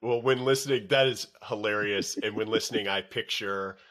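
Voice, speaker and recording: A man hosting a finance podcast, asking long, measured interview questions. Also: lowish voice, fairly bright tone. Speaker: podcast host. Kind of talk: interview host.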